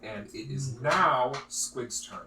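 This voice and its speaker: A man's voice: medium pitch, expressive, slow. A man running a tabletop game as game master, calling out attacks and damage in a matter-of-fact way and patiently explaining the rules. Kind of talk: narrating tabletop combat. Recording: roomy, distant mic, faint noise.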